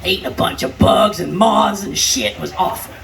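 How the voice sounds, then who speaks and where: An older woman doing raunchy live stand-up comedy, brash and crude, shouting her punchlines. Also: on the low side, normal speed, gravelly. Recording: live stage sound, distant, crowd noise. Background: noisy party crowd.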